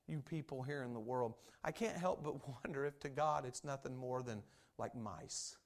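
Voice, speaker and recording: A man preaching a sermon as pastor, folksy and animated, with many fillers and asides. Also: mid-range voice, moderate pace.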